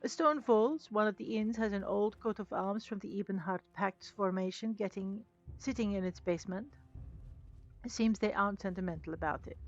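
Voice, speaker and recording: A woman's voice: mid-range voice, fairly even intonation, fairly quick. A woman giving chatty, self-mocking commentary while playing a video game, talking back to the characters. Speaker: let's play gamer. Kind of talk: casual gameplay commentary. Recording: dull lo-fi mic with game music.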